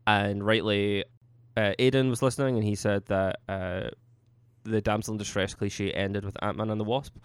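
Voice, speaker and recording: A man co-hosting a casual podcast in a fairly low, smooth, clear voice. He steers the conversation with frequent uh and um fillers. The sound is dry and close, from a computer mic. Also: normal speed, dry recording. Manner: steady, organizing, with many uh and um fillers. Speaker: podcast co-host. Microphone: computer mic on a Skype call.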